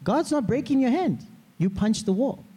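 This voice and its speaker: A man preaching a sermon as pastor, in a lively way, often asking the congregation to repeat words after him. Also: extremely high pitch, moderate pace, breathy edge. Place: church hall. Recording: long hall reverb.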